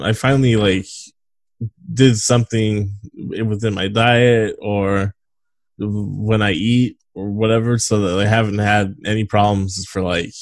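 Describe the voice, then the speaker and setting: A man's voice: fairly low pitch, no echo. A man co-hosting a casual movie podcast, reading from notes with lots of fillers and frequent laughs. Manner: laughs often, reads notes with filler words. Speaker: podcast co-host.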